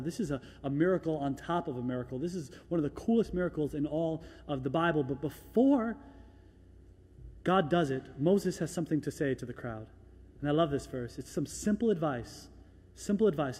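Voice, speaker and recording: A man preaching a sermon as pastor, moving from quiet, reflective lines to loud, fervent exhortation, and acting out doubters in a small hushed voice. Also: on the high side, slightly rough. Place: large church hall. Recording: echoey church hall.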